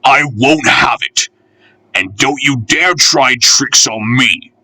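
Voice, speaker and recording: A man's voice: medium pitch, slow, pushed and bright, no echo, full character voice. A man voicing a stern old steam engine who stands no nonsense, speaking firmly. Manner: firm, no-nonsense.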